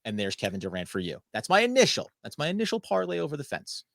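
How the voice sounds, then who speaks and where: A man's voice: fairly high pitch, huge pitch swings, quick pace, creaky, fairly bright tone, no room sound, clean studio sound. A man hosting a sports podcast, talking casually, rambling and correcting himself as he goes. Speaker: podcast host.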